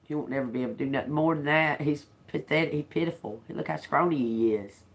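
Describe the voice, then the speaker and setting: A woman's voice: deep voice, quick pace. A woman doing a casual tarot reading, telling stories animatedly and swearing freely. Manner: animated storytelling, frequent laughter, profane. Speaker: tarot reader.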